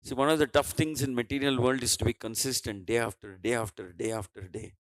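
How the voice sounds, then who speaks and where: A man's voice: medium pitch, steady tone, fairly quick, dry recording, low-quality recording. A man with an Indian English accent giving a devotional scripture class, telling a story and voicing its dialogue with many restarts and fillers.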